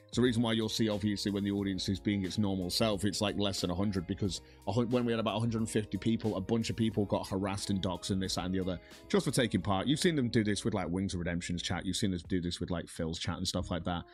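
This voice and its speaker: Low-voiced man rambling on a livestream. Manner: rambling, repeats himself, complains about being targeted. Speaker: streamer in a played clip. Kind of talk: casual live-stream chat.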